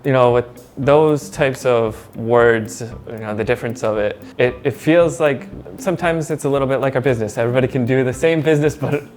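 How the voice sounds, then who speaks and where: A man hosts a casual interview at an ordinary middle pitch, nudging the conversation along with murmurs of agreement. He sounds encouraging and talkative. Light music plays quietly behind him. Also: a little fast, hardly any pauses. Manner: encouraging, frequent listening murmurs and laughs. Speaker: interview host.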